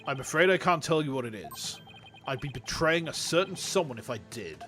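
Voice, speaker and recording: A man voicing a gruff, fatherly older leader, speaking low, solemn and measured. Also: big pitch swings, pushed and bright, faint music behind.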